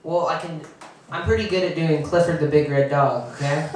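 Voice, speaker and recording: A man's voice: fairly high pitch, steady tone, a little hiss or hum. Awkward young man doing stand-up, echoey. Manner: halting, awkward delivery with frequent restarts and chuckles. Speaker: stand-up comedian. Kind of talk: stand-up comedy set. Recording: echoey room from far off.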